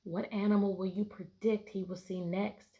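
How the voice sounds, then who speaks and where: Reading a picture book to her class, a woman teacher speaks at a normal pace in a mid-range voice with a level tone. She gives the animals bright, playful voices and pauses between pages to patiently ask prediction questions.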